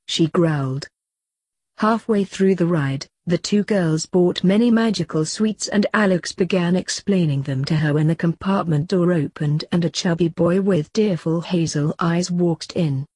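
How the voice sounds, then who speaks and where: A woman's voice: lowish voice, a little slow, dark tone, slightly rough, dry recording, studio quality. A woman reading fanfiction aloud, narrating steadily and lightly voicing the dialogue. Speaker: fanfiction reader.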